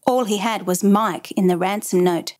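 A woman narrates a true story in a measured, dramatic way. Her voice sits at a middling pitch, and she tells the story with a steady build of suspense.

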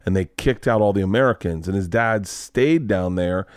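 A man's voice: deep voice, normal speed, a little mellow, clear, resonant tone, no room sound, studio quality. A man hosting a podcast, telling rambling, profane stories in casual chat. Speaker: podcast host.

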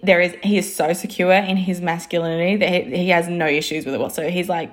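A woman's voice: on the low side, fast, few pauses. A woman in her thirties, a coach talking casually to camera, chatty and full of swearing and "like". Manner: chatty, swears freely, lots of "like" and laughs. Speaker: business coach and designer.

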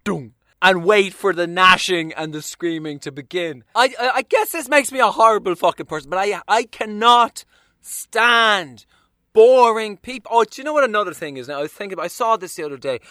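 A man doing a profane stand-up rant, swinging between quiet mock-calm and shouted outbursts. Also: sits high, moderate pace, no echo, clean studio sound. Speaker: stand-up comedian.

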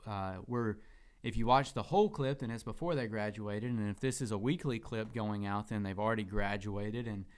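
A man who leads a student ministry, talking in a relaxed, rambling way with lots of fillers. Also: fairly low pitch, normal speed, hardly any pauses, clear, resonant tone. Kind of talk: casual church podcast talk.

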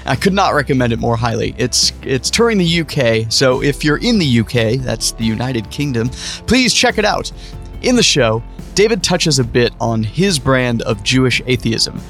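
A man's voice: medium pitch, very animated, normal speed, fairly bright tone, soft background music. A male podcast host reading an enthusiastic introduction. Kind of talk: scripted intro narration.

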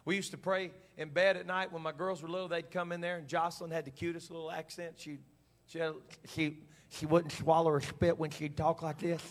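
A man's voice: a little high, little pitch movement, a little fast. A middle-aged man preaching a sermon as pastor, in a folksy, plain-spoken way full of repetition.

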